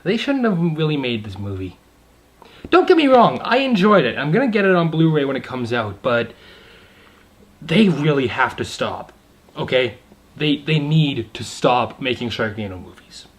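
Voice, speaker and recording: A young adult man giving a casual video movie review, excited and rambling, with many asides and fillers. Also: mid-range voice, normal speed.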